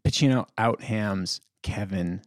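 A man with a low-pitched voice talks films in an easygoing conversation. He is thoughtful and often restarts sentences as he feels for the right word. The studio sound is dry and close, with no room echo. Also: measured pace. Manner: thoughtful, searching for words, frequent restarts. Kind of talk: casual discussion.

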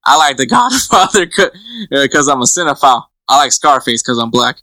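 A man's voice: medium pitch, sing-song, a little fast, pushed and bright, no room sound, low-quality recording. A man co-hosting a podcast in casual chat, laughing often and rambling through restarts. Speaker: podcast co-host.

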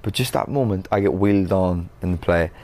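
Self-mocking young man, lowish voice. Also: brisk, a little mellow. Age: young adult. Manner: self-mocking, laughing storyteller. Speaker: actor guest. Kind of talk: casual interview chat.

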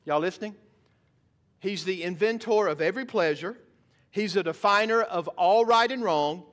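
A man's voice: high-pitched, normal speed, a bit bright. A man preaching a sermon in church, emphatic, asking the congregation rhetorical questions. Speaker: pastor. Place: church sanctuary.

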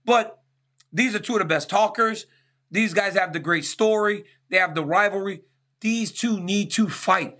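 A man's voice: high voice, normal speed, sharp tone. A man hosting a sports talk show, answering listener questions in an emphatic monologue and often asking "right?". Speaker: show host.

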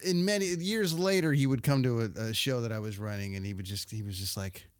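A man's voice: medium pitch, fairly quick, dry recording, studio quality. Rambling man hosting a chat show. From Ontario, Canada. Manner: rambling, many fillers and restarts. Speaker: podcast host. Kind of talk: casual interview chat.

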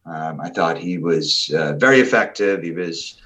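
A man's voice: deep voice, unhurried, fairly bright tone. A man co-hosting a football podcast, chatting casually with many fillers and restarts. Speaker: podcast co-host.

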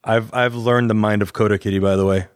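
A man's voice: on the low side, fairly even intonation, fairly quick, clean tone, no room sound, studio quality. A man co-hosting a casual podcast, laid-back and rambling, with easy jokes and fillers. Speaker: podcast co-host. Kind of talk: casual chat.

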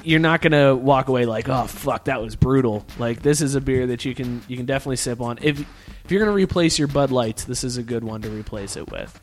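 A man's voice: medium pitch, fast. A man co-hosting a podcast in casual chat, laid-back, laughing often and swearing freely. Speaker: podcast co-host.

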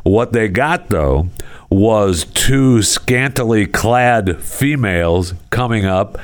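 A man's voice: on the low side, animated, slow pace. A man hosting a casual talk show, rambling through odd news stories with sarcastic asides and frequent chuckles. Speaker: podcast host.

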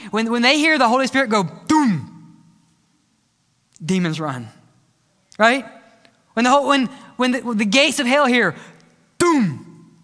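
A man preaching a sermon as pastor, telling stories in a lively way, with playful sound effects and asides. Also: very high voice. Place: church sanctuary. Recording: church hall reverb.

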